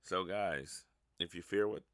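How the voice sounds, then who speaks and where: A man's voice: sits low, unhurried, fairly bright tone, dry recording, clean studio sound. A man hosting a casual solo podcast, rambling and self-mocking, laughing at his own stories. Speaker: podcast host.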